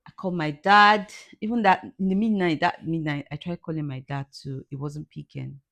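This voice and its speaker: A woman with a deep, low voice speaks straight to her viewers in a personal vlog. She talks haltingly and circles back over the same words. At times she is crying as she talks. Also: fairly even intonation, gravelly, a bit bright. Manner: tearful, halting, repeats herself. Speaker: vlogger.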